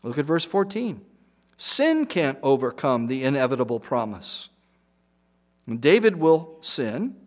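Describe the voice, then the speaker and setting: A man preaching an expository sermon, walking through verses with emphatic repetition and sharp swings in loudness. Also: medium pitch. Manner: emphatic, repeats key phrases, rises and drops in volume.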